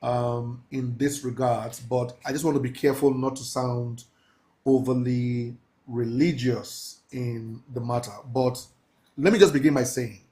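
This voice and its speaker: A man teaching a mentorship class, talking in a preachy, emphatic way, slowing down to stress key phrases and laughing with his students. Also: medium pitch, fairly even intonation, mellow. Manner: laughs often, casual asides to the class. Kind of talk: live class lecture.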